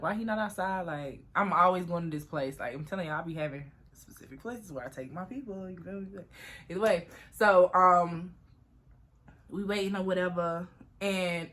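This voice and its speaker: Young woman, low voice, casual vlog storytelling, animated, swears a lot, talks to viewers. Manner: profane, animated, chatty, addresses viewers as y'all. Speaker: vlogger.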